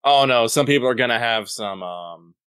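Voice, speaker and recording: A man co-hosting a podcast in casual chat, making wry, deadpan jokes. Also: moderate pace, smooth, no room sound, clean studio sound. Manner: wry, deadpan jokes and lively swings in pitch. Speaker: podcast co-host.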